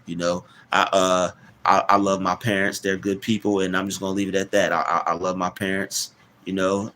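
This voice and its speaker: A man hosting a casual live stream, rambling, repeating words and giving shout-outs to chat. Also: deep voice, a little hiss or hum.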